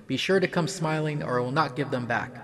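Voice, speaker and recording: A man voicing a playful young male cowherd god who teases and then speaks gravely, in a mostly even storyteller voice. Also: fairly high pitch, brisk, crowd noise, natural voice. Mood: teasing.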